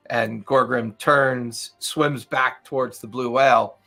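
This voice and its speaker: A man's voice: medium pitch, steady tone, takes it slowly, vocal fry, few pauses, pushed and bright, faint music behind. Man narrating a tabletop game with fillers. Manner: loose narration full of fillers. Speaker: game master.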